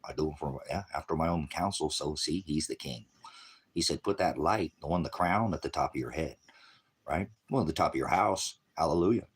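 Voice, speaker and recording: A man's voice: extremely low pitch, fairly quick, husky. A man speaking in a rambling, meandering monologue, jumping from topic to topic while at home. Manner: meandering, jumps between topics. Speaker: religious livestreamer. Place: at home with a puppy.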